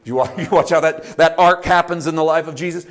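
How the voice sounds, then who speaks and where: A man preaching a conversational sermon, animated, swinging between loud excited bursts and quiet low asides. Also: a little fast.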